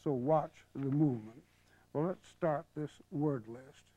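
A man's voice: on the high side, unhurried, dry recording. Older man teaching patiently on old TV. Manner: patient, explanatory, drops to a murmur while writing. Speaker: calligraphy teacher. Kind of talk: televised instructional lesson. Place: studio. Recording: dull 1970s broadcast TV audio.

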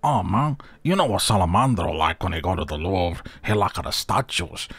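A man's voice: sits low, big pitch swings, moderate pace, fairly bright tone, husky, dry recording, faint music behind, voice pushed down, heavily acted. Man putting on a bumbling fake Frenchman. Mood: excited. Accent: put-on French accent. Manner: broken English, boastful, playful. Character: bumbling fake Frenchman, adult male, eager. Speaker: gamer voicing a player character. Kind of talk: improvised role-play over gameplay.

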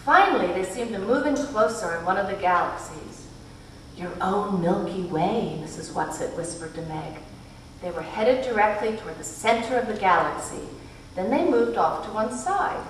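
A woman reading a novel aloud at a live event, with measured, expressive narration. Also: mid-range voice. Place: event hall. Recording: echoey hall from far off, faint noise.

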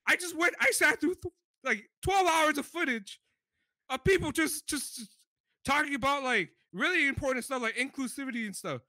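A man co-hosting a podcast, talking in an animated, excited way, swearing often and dropping into deep mock voices when quoting others. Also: brisk, no echo. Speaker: podcast co-host. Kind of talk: excited casual chat.

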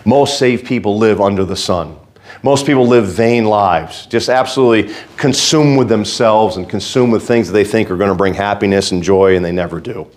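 Man, pastor, fervent folksy sermon, fairly low voice, quiet asides to loud exhortation. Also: normal speed.

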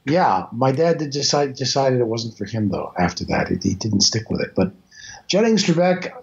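A man's voice: medium pitch, sing-song, moderate pace. A Canadian man in his sixties tells stories as an interview guest. He rambles and pokes fun at himself in an everyday mid-range voice. The audio sounds a little dull. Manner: rambling, self-deprecating storyteller. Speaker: voice actor guest. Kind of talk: casual interview chat.

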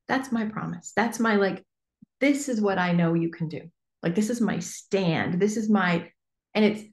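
A woman business coach teaching a workshop in a chatty, animated way with lots of fillers. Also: medium pitch. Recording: echoey room.

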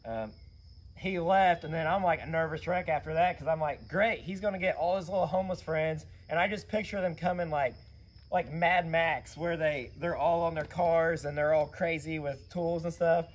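A man with a hoarse, raspy voice, animatedly retelling a trip in a casual vlog. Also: a little high, normal speed. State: hoarse from yelling. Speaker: channel host, custom car builder.

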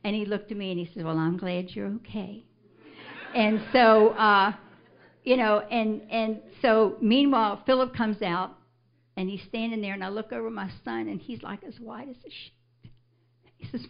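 An older woman recounts her testimony to a church congregation. She tells the story in an animated way and swells into emphatic scripture declarations. The recording is muffled and lo-fi. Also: medium pitch, normal speed, creaky. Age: older, a grandmother. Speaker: church member giving a testimony. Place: church service.

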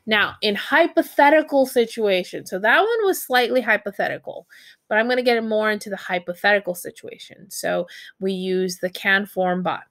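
A woman's voice: medium pitch, expressive, moderate pace, a bit bright, dry recording, studio quality. A woman teaching a recorded Japanese grammar lesson, explaining in a casual way with many fillers and self-corrections.

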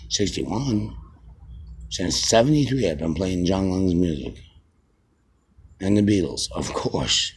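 A man in his fifties rambling as a self-styled radio host, halting with many fillers and restarts. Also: low-pitched, a little mellow, a little hiss or hum. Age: 50s. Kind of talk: rambling mock radio broadcast.

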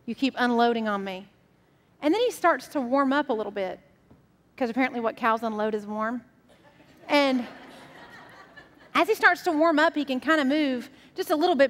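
High-voiced woman pastor preaching. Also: fairly bright tone, long reverb tail. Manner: conversational, storytelling. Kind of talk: sermon.

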